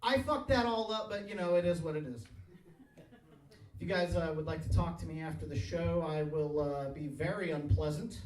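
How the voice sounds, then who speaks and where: A man's voice: fairly high pitch, normal speed, distant mic. A man in his thirties doing a crude, rambling stand-up set on a bar stage, often laughing at his own jokes. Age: 30s. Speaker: stand-up comedian. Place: bar stage, live audience. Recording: echoey bar recorded from afar.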